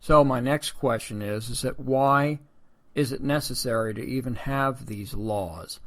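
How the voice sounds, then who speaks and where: A man's voice: medium pitch, unhurried, a bit bright. A man hosting a political commentary podcast, talking in a sarcastic, rambling way and calling his listeners folks. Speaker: podcast host.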